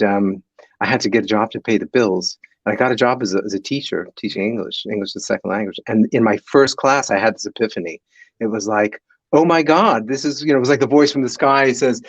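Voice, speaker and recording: A man talking as a guest on a live podcast, telling his stories in a lively way with many fillers and restarts. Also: fairly low pitch, no echo, poor audio. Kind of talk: animated storytelling in a live podcast.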